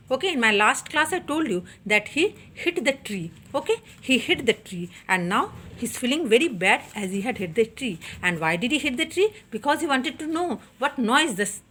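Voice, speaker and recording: A woman's voice: fairly high pitch, a bit bright, slight background noise. A woman teacher with an Indian English accent, reading a story aloud and then explaining it in simple words to her class. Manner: reads a passage then paraphrases it, with frequent "okay".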